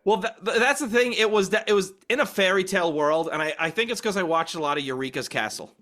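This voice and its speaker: A man's voice: high voice, quick pace, pushed and bright. A man co-hosting a podcast in casual chat, dropping teasing one-liners. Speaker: podcast co-host.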